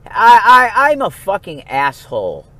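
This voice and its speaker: A man vlogging in a rambling, profane monologue, swinging between low mumbles and sudden outbursts. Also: huge pitch swings, unhurried, bright, forceful tone, no echo.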